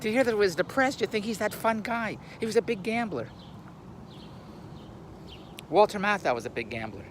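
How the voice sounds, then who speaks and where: Older man, blunt and gruff, rambling rant to camera; a lively voice that swings high and low, with faint street noise outdoors. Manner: gruff, blunt, laughs at his own jokes, repeats words. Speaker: YouTube commentator. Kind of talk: rambling opinionated monologue. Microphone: camera on a tripod.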